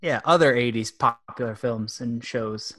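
A man's voice: mid-range voice, a little slow, a bit bright. A man guesting on a podcast, bantering and teasing the host in a joking way. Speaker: guest wrestler. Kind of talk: casual interview chat.

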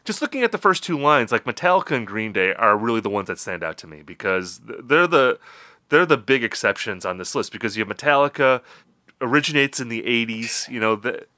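A young Midwestern man co-hosting a podcast, talking in a loose, rambling way full of fillers. His voice is bright and crisp, and the sound is close and dry. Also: medium pitch, a little fast, no room sound. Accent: Midwestern American. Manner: rambling, lively, with many fillers and restarts. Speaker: podcast co-host. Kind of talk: casual podcast chat.

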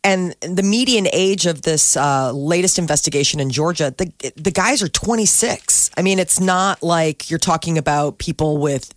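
Low-voiced woman co-hosting morning radio. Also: moderate pace, hardly any pauses, no echo. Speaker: radio morning show co-host. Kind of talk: casual radio banter.

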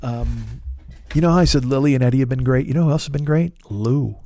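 A man's voice: mid-range voice, fast, warm tone. A man hosting a podcast, telling a rambling, profane, self-deprecating story in a casual monologue. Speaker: podcast host.

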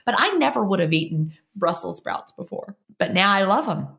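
A woman hosting a podcast, asking questions in a relaxed, conversational way. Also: mid-range voice, normal speed. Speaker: podcast host. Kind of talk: casual chat.

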